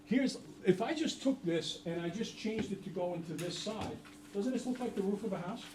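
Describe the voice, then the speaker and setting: A man's voice: high-pitched, animated, moderate pace, darkish tone, slight background noise. A middle-aged man teaching a math class, chatty and jokey, quizzing the students. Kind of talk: classroom lesson. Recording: roomy, from far off.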